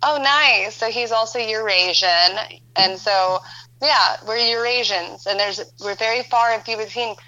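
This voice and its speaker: A woman's voice: a little high, unhurried, sharp tone, highs cut off. A woman, a model and actress, chatting as a podcast guest and laughing easily. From Filipino-Norwegian heritage. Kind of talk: casual chat.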